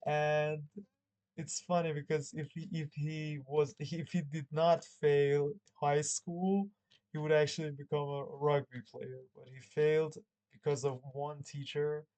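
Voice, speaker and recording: A man's voice: on the high side, flat delivery, unhurried, darkish tone, poor audio. A man who hosts his own channel chats casually and reads a book aloud, often rambling, correcting himself and laughing. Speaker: channel host.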